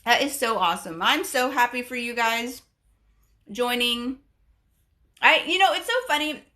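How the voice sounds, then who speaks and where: A woman's voice: on the high side, animated, unhurried, bright, forceful tone. A woman hosting a casual live stream, greeting viewers and reading their comments aloud in a bubbly, gushing way that often repeats itself. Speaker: live stream and podcast host.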